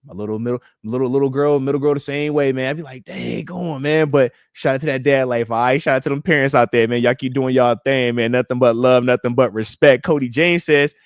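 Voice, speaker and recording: A man's voice: mid-range voice, steady tone, fairly quick, few pauses, clear, resonant tone, dry recording, clean studio sound. A man in his thirties from the United States hosting a live stream, chatting loosely and reading out viewer comments with slangy hype. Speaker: podcast host.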